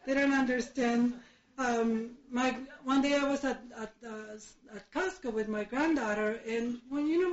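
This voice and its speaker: A woman in her fifties shares her recovery story in a slightly high voice, candid and quick to laugh, often stopping to restart a sentence. Her voice carries through a roomy hall on a dull, muffled recording. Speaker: recovery speaker. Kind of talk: personal testimony speech.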